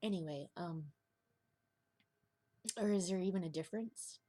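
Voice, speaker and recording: A young woman talks to camera in a loose, confessional ramble, often laughing and sinking into a whisper. Her voice sits low and slightly husky. The sound is dry and close, with no room around it. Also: measured pace, warm tone, dry recording. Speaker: vlogger. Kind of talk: confessional casual monologue.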